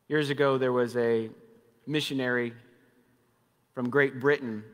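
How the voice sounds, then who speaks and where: A man preaching a sermon as pastor, fervent, rising loud and then dropping soft and low. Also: fairly even intonation, a little slow, pauses often, smooth. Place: church sanctuary. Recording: long reverb of a church hall.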